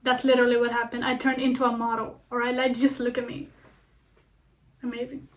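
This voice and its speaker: A woman's voice: a little high, monotone, brisk. A young woman vlogger talking casually to camera, earnest and playful, repeating herself with lots of fillers. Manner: earnest, repetitive, playful self-talk with fillers. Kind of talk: casual self-help talk to camera.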